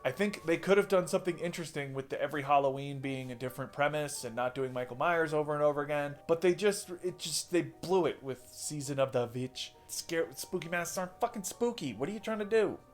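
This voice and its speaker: A man's voice: a little high, fast, few pauses, faint music behind. A man casually reviewing horror movies, rambling, swearing and correcting himself as he goes. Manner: rambling, profane, self-correcting.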